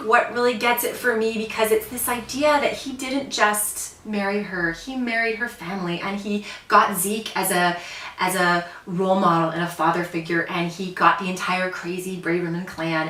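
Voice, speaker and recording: A woman's voice: mid-range voice, moderate pace, a bit bright, reverberant, far from the mic, low-quality recording. A woman co-hosting a TV chat show, recapping episodes earnestly with many restarts and emotional asides. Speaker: podcast co-host.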